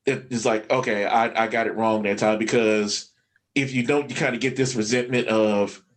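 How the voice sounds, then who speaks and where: A man's voice: on the low side, steady tone, normal speed. Earnest man sharing a parenting view. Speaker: guest. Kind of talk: casual video-call chat. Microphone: video call.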